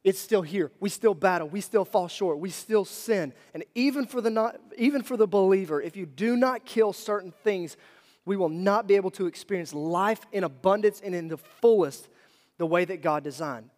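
A man's voice: sits high, moderate pace. Man preaching in a reverberant hall. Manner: conversational, animated storytelling with asides to the congregation. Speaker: pastor. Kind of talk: sermon with personal story. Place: church hall.

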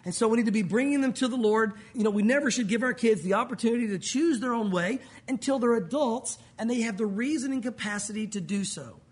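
A man preaching a sermon as pastor to his congregation, lively and conversational, acting out the voices of people he quotes. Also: very high-pitched, fast talker, hardly any pauses, slightly rough.

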